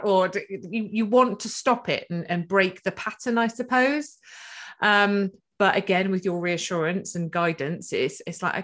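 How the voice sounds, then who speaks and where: A woman's voice: mid-range voice, moderate pace, fairly bright tone. A woman hosting a podcast interview, talking in a chatty way with many restarts and murmured agreement. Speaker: podcast host. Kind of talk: casual interview chat.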